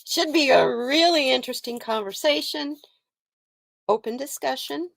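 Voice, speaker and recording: A woman's voice: high voice, normal speed, creaky, fairly bright tone, no echo. A woman in her sixties hosting a casual live stream, telling a story and breaking off to greet viewers, laughing often. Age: 60s. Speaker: livestream host and card reader.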